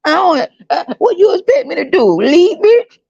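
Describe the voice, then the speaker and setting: A woman's voice: animated, normal speed, creaky, a little mellow, no echo, highs cut off, full character voice. Woman doing a wailing, panicked young man. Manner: wailing, high-pitched, frantic.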